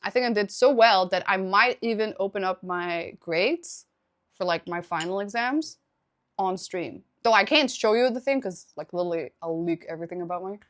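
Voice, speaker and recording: A woman's voice: mid-range voice, moderate pace. A young woman live streaming, chatting casually with her viewers, laughing often and thanking them for subscriptions.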